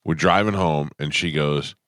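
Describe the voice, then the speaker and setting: A middle-aged man hosting a morning radio show, telling a story with defensive energy and getting louder as he goes. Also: a bass voice, steady tone, normal speed, no echo, clean studio sound. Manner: storytelling, defensive, gets louder when retelling. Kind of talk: casual morning radio banter. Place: radio studio. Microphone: studio microphone.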